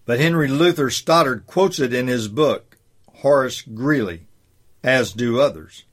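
A man reading his own essay commentary aloud in a measured, deliberate way, slowing down to stress his points. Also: mid-range voice.

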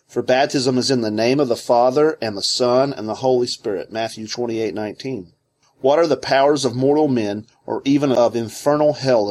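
A man with a mid-range voice reads aloud from a theology book. His narration is scripted, measured and deliberate, giving each clause its weight. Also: medium pitch, a little mellow.

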